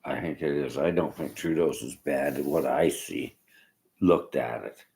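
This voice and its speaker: Man, very deep voice, rough fry, rambling combative rant. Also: measured pace, a little mellow, a little hiss or hum, rough recording. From Canada. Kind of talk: political rant to viewers.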